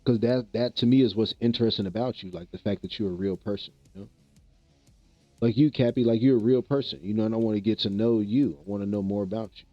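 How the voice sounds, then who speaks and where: Laid-back low-voiced streamer man. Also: steady tone, fast talker, no echo, highs cut off, soft background music. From American Midwest. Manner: laid-back, rambling, repeats himself. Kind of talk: casual livestream chat with viewers.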